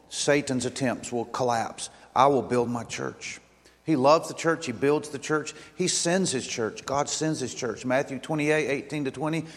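A man's voice: medium pitch, big-room sound. A man preaching a sermon as pastor, repeating phrases for emphasis and reading out long lists word by word. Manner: repetitive, emphatic preaching, lists words one by one. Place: church sanctuary.

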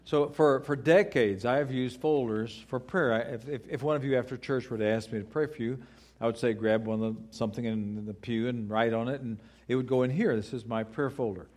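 A middle-aged pastor delivers a sermon in an even, mid-pitched voice. He is earnest, rising into loud pleading questions and dropping to a hushed, quiet tone when he voices prayers. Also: brisk. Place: church.

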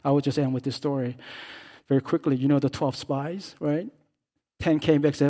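Impassioned preacher, fairly high voice. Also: male voice, flat delivery, brisk. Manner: impassioned preaching, swinging from hushed to loud. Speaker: pastor. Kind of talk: sermon.

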